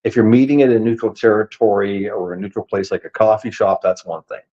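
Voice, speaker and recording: A man hosting a paranormal investigation podcast in casual chat, talking over a video call and quick to laugh. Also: lowish voice, lo-fi sound. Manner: animated, laughs easily, rapid asides.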